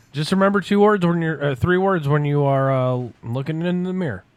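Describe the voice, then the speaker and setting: A man's voice: a little high, normal speed, smooth, no echo. A man co-hosting a podcast, teasing his friend and giggling as they chat about games. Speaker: podcast co-host. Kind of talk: casual chat.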